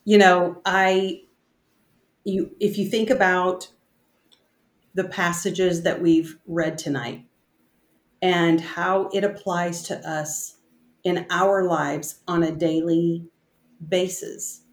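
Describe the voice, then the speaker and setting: Woman, lowish voice, slow and halting, reading and reflecting on scripture, roomy echo. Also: steady tone. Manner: slow, halting, reads scripture aloud with many restarts. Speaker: bible study co-host. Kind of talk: casual bible study discussion.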